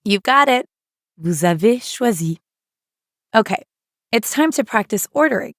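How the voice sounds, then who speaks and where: A woman narrates an audio lesson in an upbeat, encouraging voice. Her delivery is scripted and clear. The recording is dry and close, with no room sound. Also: on the high side, expressive, a little slow, no room sound.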